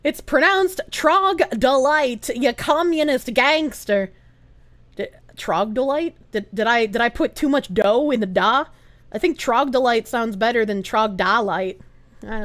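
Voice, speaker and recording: A woman streamer chatting casually and reading viewer comments aloud, giggly and animated, swearing freely. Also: on the high side. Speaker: live streamer.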